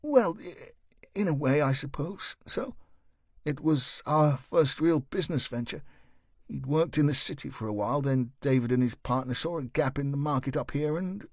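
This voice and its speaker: A man voicing an anxious, polite upper-class woman who keeps up a strained smile, in a higher, prim voice. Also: moderate pace, dry recording, clean studio sound. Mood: flustered.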